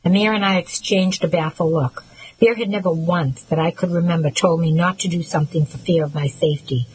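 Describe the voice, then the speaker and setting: A woman reading a first-person novel aloud in a measured, earnest and reflective way. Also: on the low side, fairly even intonation, a little mellow, slight background noise, rough recording. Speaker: audiobook narrator.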